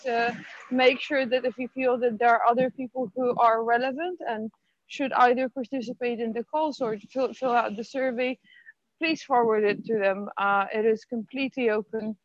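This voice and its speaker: A woman's voice: a little high, no echo. A woman moderating an online meeting, polite and full of small fillers, speaking over a video call. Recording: dry, muffled call audio.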